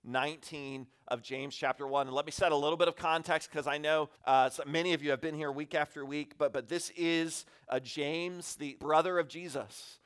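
A man's voice: a little high, normal speed, few pauses, clean tone. A man in his thirties giving a conversational, self-deprecating sermon as a guest pastor in a church, acting out little asides as he talks. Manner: candid, self-deprecating, animated with acted-out asides. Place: church sanctuary.

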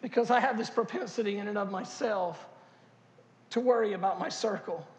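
A male pastor preaching a sermon, animated and joking, with loud bursts. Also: sits high, moderate pace. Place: large church hall. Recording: echoey church hall.

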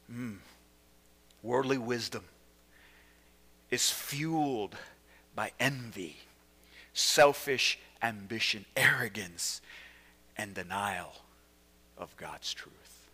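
A male pastor preaching a sermon dramatically, swinging between loud emphasis and hushed words. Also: on the low side, expressive, drawn-out words, long pauses, breathy edge. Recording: reverberant church hall.

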